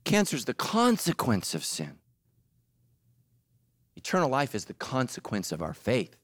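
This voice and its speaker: A male pastor preaching a sermon in an animated, emphatic way, mixing jokes with serious points. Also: mid-range voice, unhurried, no echo.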